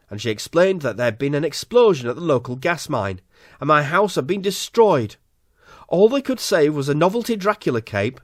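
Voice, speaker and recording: A man's voice: fairly high pitch, no room sound. A man with a Yorkshire accent narrating an absurd comic story in a dry, mock-earnest way. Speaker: comedy podcast narrator. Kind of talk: deadpan absurd comic monologue.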